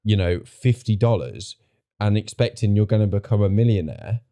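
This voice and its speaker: A man talking as a podcast guest in a relaxed, mellow voice that sits on the lower side. He makes his points emphatically and with strong opinions, often restarting and repeating words. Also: moderate pace. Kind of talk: casual podcast chat.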